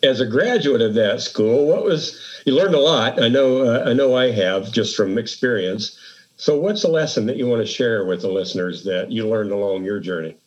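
A man hosting an interview, affirming his guest in a warm way. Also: medium pitch, lively intonation, moderate pace, highs cut off. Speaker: podcast host.

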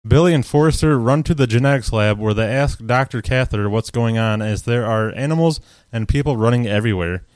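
A man's voice: medium pitch, a little fast, no echo. Dry-voiced man recapping a movie. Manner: recaps the plot with deadpan jokes and laughs. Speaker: podcast co-host. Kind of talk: casual movie recap chat.

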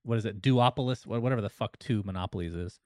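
A man from Arizona talks in a casual stream chat, his voice at an ordinary pitch. The sound is dry and close, and he rambles loosely with jokes mixed in. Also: quick pace, darkish tone, no room sound.

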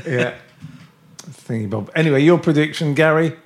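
A man's voice: a little high, moderate pace. A man hosting a podcast, teasing his co-hosts in casual chat. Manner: teasing, jokey, laughs often. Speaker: podcast host.

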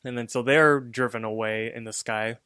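A man's voice: mid-range voice, fairly even intonation, normal speed, pushed and bright, clean tone, no echo, clean studio sound. A man co-hosting a podcast, casually retelling a cartoon episode in a rambling way, full of fillers. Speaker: podcast co-host.

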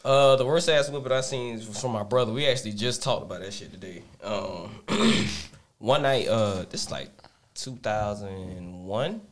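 A young man telling a funny childhood story in casual chat, animated and laughing, acting out voices. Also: lowish voice, moderate pace. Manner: animated, laughing, acts out voices in his stories. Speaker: podcast co-host.

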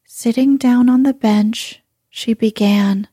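Woman storyteller, whispered role-play, slow, breathy, close and dry. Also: a little high, fairly even intonation, no room sound. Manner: soft, measured narration.

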